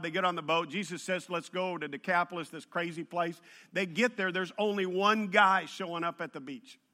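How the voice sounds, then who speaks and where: A man preaching a sermon, telling the story in an animated, humorous way that builds in intensity. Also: on the high side. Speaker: pastor.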